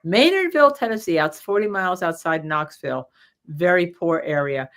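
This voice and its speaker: A woman's voice: on the low side, animated, normal speed, a bit bright. A woman trial lawyer with a New Jersey accent, co-hosting a casual legal commentary show, chatty with many fillers and restarts.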